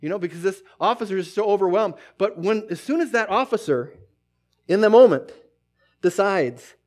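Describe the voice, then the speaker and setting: A man's voice: sits high, normal speed. A man preaching a sermon, quoting scripture and acting out little scenes as he goes. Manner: animated storytelling, acts out scenes, quotes scripture.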